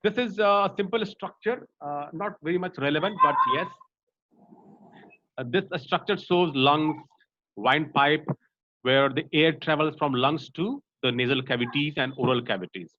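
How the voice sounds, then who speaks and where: A man's voice: a little high, moderate pace, pushed and bright, dull audio. A man with an Indian accent giving an online class on voice and speech, explaining step by step with many fillers and checks like "right?". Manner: explanatory, frequent "right?" and "uh" fillers, mixes in Hindi. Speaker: voice and speech trainer.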